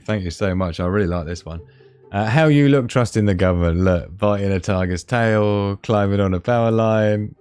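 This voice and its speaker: A man's voice: on the low side, darkish tone, smooth, no room sound. A man hosting a casual live stream, chatting and laughing as he reads out memes. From Scotland.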